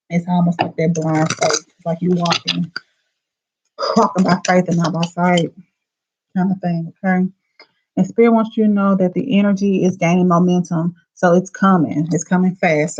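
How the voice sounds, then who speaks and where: A woman's voice: fairly low pitch, darkish tone, a little hiss or hum, low-quality recording. A woman with a Southern US accent giving a live oracle card reading in a casual, chatty way, full of fillers. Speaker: tarot reader.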